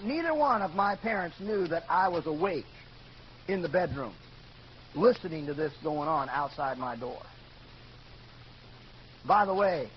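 An older man gives a sermon, recounting his own story in an earnest voice that climbs to loud outbursts. His voice sits notably high for a man. The recording sounds muffled and dull, with a faint hiss underneath. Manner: earnest storytelling, rises to shouting when quoting. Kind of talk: sermon testimony.

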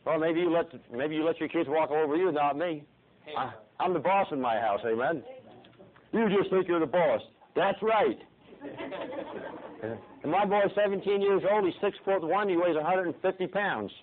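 A middle-aged man preaching a sermon dramatically, swinging from soft, hushed passages to pleading cries and repeating his phrases. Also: on the high side, moderate pace. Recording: tinny phone-like lo-fi recording.

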